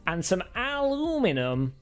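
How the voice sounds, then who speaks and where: A man voicing a breezy American male sim-rig reviewer, with a put-on American accent and slow, upbeat presenter patter. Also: high-pitched, very animated, fairly bright tone, soft background music, voice pushed up, heavily acted. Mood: mock-cheery.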